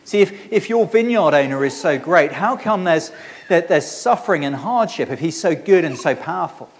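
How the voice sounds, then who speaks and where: A preacher voicing a cynical tenant who scoffs and mocks quickly. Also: male voice, on the high side, expressive, long reverb tail. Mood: scoffing. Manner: scornful, quick and mocking.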